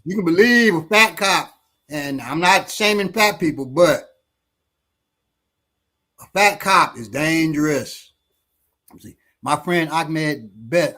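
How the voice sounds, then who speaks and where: A man, a martial arts instructor, telling a story in casual talk, halting and restarting often. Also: on the high side, sharp tone. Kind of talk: casual storytelling in a panel discussion.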